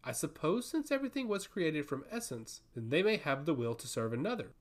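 A man voicing a proud high priestess who talks in a curt, indignant, sharply questioning way. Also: very animated, fairly quick. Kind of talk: audiobook fantasy reading.

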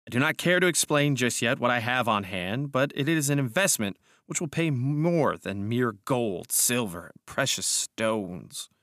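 A man voicing the story's first-person narrator, a grandiose, feverish man whose voice climbs in excited outbursts. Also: measured pace, few pauses, no echo, clean studio sound. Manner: rises high and loud in grandiose outbursts.

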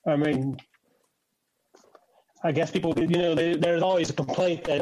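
Halting man over a noisy recording. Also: on the high side, mellow. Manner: hesitant, halting, lots of "uh" and "you know". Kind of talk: casual panel chat. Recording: audible background noise.

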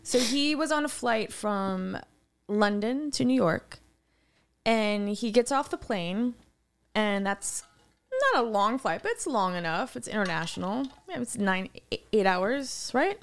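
A woman's voice: mid-range voice, a little slow. Chatty woman telling a rambling story. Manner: animated, rambling anecdotes with restarts and laughs. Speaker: podcast co-host. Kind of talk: casual chat, storytelling.

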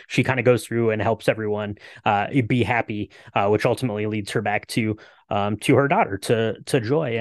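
A man's voice: fairly low pitch, no room sound. Man podcast co-host, rambling casual chat, lots of fillers, dry close sound. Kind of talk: casual movie discussion.

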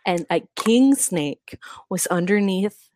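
Giggly young woman, animated storyteller. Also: medium pitch, slow, slight background noise. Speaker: podcast co-host. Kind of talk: casual chat.

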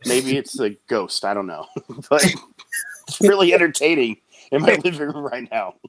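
A man in casual interview chat, an animated storyteller who slips into quick high voices when he quotes people. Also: no echo. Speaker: guest, clown performer.

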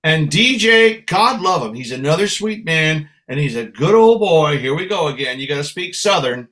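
Animated storytelling man, a bit high. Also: normal speed. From San Francisco. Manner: lively storyteller, acts out voices. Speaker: guest musician. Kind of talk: casual interview anecdotes.

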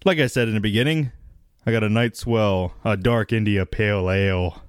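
A man's voice: fairly low pitch, normal speed, smooth, no echo, clean studio sound. A man co-hosting a casual podcast chat, laid-back and blunt, swearing casually. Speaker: podcast co-host.

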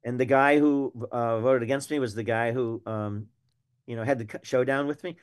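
A man's voice: mid-range voice, moderate pace, smooth. Older man, emphatic storyteller. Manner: animated anecdotal storyteller, emphatic. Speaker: retired wildlife biologist guest. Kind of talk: storytelling in a podcast interview.

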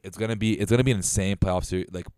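A young man chats about basketball in an easygoing, agreeable way, calling his co-host bro and man. His voice sits on the low side. It is recorded close and dry. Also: fairly even intonation, racing, a little mellow, no echo. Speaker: podcast co-host. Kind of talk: casual sports chat.

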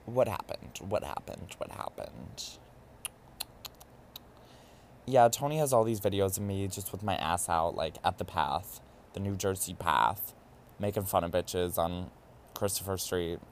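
A man hosting a podcast, telling a drunken night-out story in a campy, animated, casual way. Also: deep voice, normal speed, a little hiss or hum. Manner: campy and animated, mimics voices in quotes. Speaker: podcast host. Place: New York.

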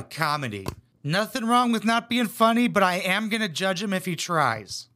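Crude, sarcastic man with bright, high voice. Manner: crude, sarcastic, swears a lot. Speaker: reaction commentator. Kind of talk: comedic reaction commentary.

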